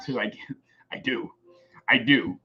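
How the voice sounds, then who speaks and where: A young man live-streaming a sports draft reaction, excitable and swearing in frustration at the picks. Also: mid-range voice, slow, highs cut off.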